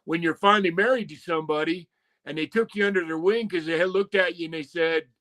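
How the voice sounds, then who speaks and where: High, bright-voiced host, profane, eager, conversational. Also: male voice, fast. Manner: swears constantly, eager questioning. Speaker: podcast host. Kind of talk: casual interview chat.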